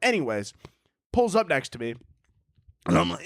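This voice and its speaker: A man with a high voice that swings wildly up and down tells a story on his solo podcast. He is loose and profane, laughs a lot, and plays out every side of the story himself. The sound is dry and close, with almost no room around it. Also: moderate pace, no room sound. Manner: animated, profane, laughs often, acts out both sides of a story. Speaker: podcast host.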